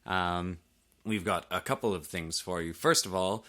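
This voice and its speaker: A man's voice: deep voice, unhurried, bright, forceful tone. A man co-hosting a casual podcast, loose and offhand, swearing freely. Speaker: podcast co-host. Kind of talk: casual chat.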